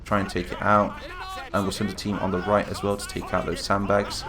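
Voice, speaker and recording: A man hosting casual, chatty game commentary, getting excited and calling out to the troops as he plays. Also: sits low, a little fast, over music. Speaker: gaming channel host. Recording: game gunfire and explosions behind voice.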